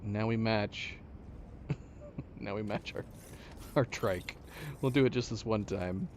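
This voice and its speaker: A man's voice: on the low side, slow pace, darkish tone, slight background noise. A man hosting a let's-play, casually thinking aloud and joking at the game characters. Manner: thinking aloud, chatty and wry. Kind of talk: casual gameplay commentary.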